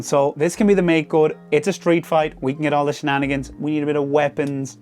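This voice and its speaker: A young man giving casual, rambling commentary with predictions, often repeating "I feel like" and getting animated. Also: fairly high pitch. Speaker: wrestling predictions host.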